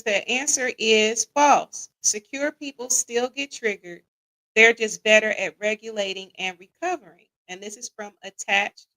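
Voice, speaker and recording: A woman's voice: mid-range voice, pushed and bright, low-quality recording. A woman hosting a live podcast in casual chat, reading listener comments aloud and quizzing them. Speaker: podcast host.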